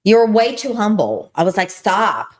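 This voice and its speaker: A woman from Brazil with a Brazilian Portuguese accent, co-hosting a casual Christian podcast and telling her story in an animated, emphatic way. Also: fairly low pitch, brisk. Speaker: podcast co-host.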